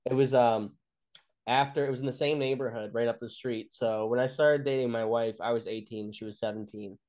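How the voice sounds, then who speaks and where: Man in his twenties, comedian guest, loose rambling storyteller with plenty of likes and restarts; mid-pitched, everyday voice. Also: steady tone, fairly quick, darkish tone. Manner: rambling, many fillers and restarts, swears freely. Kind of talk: casual storytelling chat.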